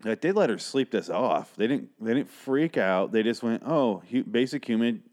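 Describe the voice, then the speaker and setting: A man's voice: on the low side, lively intonation, moderate pace, darkish tone. A man casually recapping a TV episode, rambling and sarcastic, with frequent swearing. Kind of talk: casual commentary.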